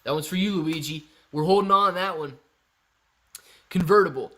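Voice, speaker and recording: Man, fairly high voice, casual live-stream host, laid-back, patient explainer, chatty with viewers. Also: moderate pace, sharp tone. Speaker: live-stream host answering chat questions.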